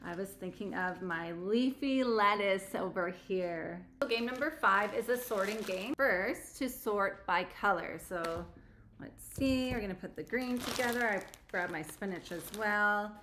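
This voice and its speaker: A woman teacher showing classroom vocabulary games, friendly, slowing down and drawing out words as she models them for children. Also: medium pitch, a bit bright, slight background noise.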